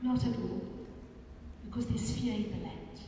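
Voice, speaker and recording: South african woman, pastor, high voice, sermon, far from the mic, long hall reverb. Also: measured pace. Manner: animated, repeats phrases for emphasis. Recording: echoey hall from far off, faint room noise.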